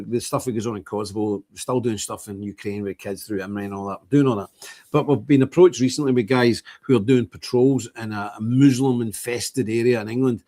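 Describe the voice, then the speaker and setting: A man's voice: on the low side, mellow. A man hosting a livestream, talking in a blunt, emphatic, repetitive way. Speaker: streamer host. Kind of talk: casual livestream monologue.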